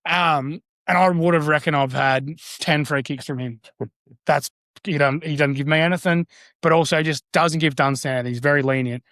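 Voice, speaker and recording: A man's voice: on the high side, normal speed, fairly bright tone, no room sound, studio quality. Blunt Australian man, laughing. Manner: blunt, laughing, swears freely. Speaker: podcast co-host. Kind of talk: casual chat.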